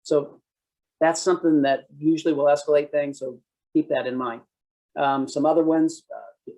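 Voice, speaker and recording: A man's voice: a little high, fairly even intonation, moderate pace, mellow, poor audio. A man presenting a police training session, conversational, acting out sample phrases. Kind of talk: conference presentation.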